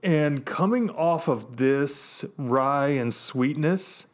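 A man's voice: a little high, drawn-out words. A man co-hosting a podcast, chatting casually with eager, upbeat reactions. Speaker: podcast co-host. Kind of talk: casual tasting chat.

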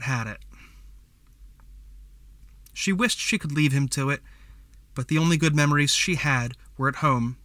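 A man narrating a fantasy story as a scripted audiobook reading, in a measured storytelling manner. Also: medium pitch, fairly bright tone, no echo.

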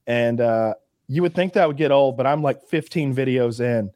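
A male podcast host chats casually, rambling through profane stories with lots of swearing and restarts. His medium-pitched, darkish voice moves at a moderate pace in clean, echo-free studio sound.

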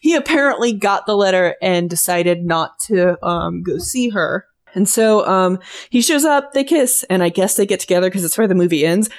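A woman's voice: medium pitch, lively intonation, normal speed. A young woman in easygoing podcast chat. She talks loosely, packs in fillers, and swears without a second thought. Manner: chatty, swears freely, many "like" fillers. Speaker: podcast co-host. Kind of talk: casual chat.

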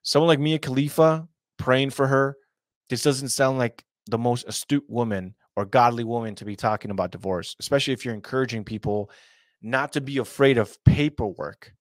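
A man's voice: medium pitch, steady tone, moderate pace, no room sound, clean studio sound. A young adult man hosting a casual commentary show, talking in a rambling, earnest way with many fillers and asides. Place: small hot room at home.

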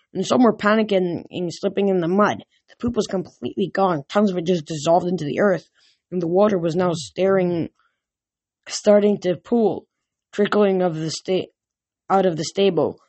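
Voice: medium pitch, moderate pace, darkish tone, dry recording, lo-fi sound. A reader narrating a novel chapter aloud, with small slips and restarts. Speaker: audiobook reader. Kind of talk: storybook narration read aloud.

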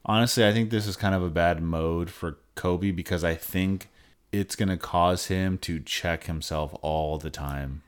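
A man's voice: a little slow, smooth. A young man co-hosting a podcast, chatting casually about a reality show, swearing freely and getting worked up as he acts out the people he quotes. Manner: profane, animated, acts out quoted people in a high voice. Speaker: podcast co-host.

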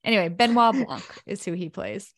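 A woman talking casually on a chat show, stopping often to grope for words with ums and restarts. She laughs easily. Her voice sits at a middling pitch and is recorded dry and close. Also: expressive, a little fast, no echo. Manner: hesitant, many fillers, laughs easily.

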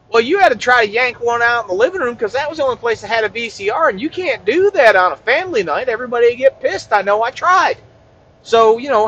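A man delivering a rambling, profane comic rant with deadpan asides. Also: high-pitched, muffled recording, a little hiss or hum. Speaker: comedian.

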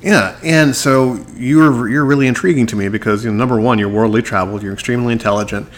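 A man's voice: mid-range voice, fast. A man hosting a podcast, chatting casually and playfully, joking with his audience and his guest. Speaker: podcast host.

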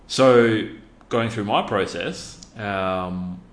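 A man with an Australian accent, founder of a youth program, earnestly tells a personal story in an interview with many ums. His fairly low voice draws out words, and the sound is roomy.

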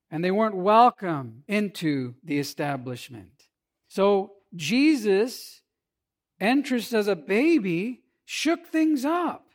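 A man preaching a sermon, swinging between emphatic loud lines and hushed, quiet passages. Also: high-pitched. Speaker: pastor.

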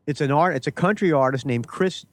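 A man's voice: on the high side, fairly quick, dry recording. A man co-hosting a casual podcast chat, offhand and opinionated. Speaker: podcast co-host.

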